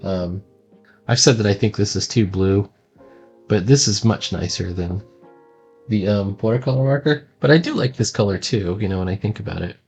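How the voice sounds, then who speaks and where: A man's voice: lowish voice, normal speed, darkish tone, breathy edge, soft background music. A man casually touring his own sketchbook as a cartoonist, rambling and self-deprecating, with lots of ums.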